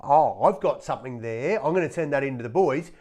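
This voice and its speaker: A man's voice: mid-range voice, animated, fairly quick, darkish tone. An Australian man co-hosting a podcast, bantering bluntly and cheekily with casual swearing. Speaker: podcast co-host.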